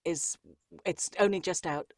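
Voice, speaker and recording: A chatty woman narrator with a low-pitched voice speaks in a lively, rambling way, full of ums and asides. The sound is close and dry, with no room around it. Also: measured pace, dry recording. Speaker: audiobook narrator, guest. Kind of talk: conversational interview answers.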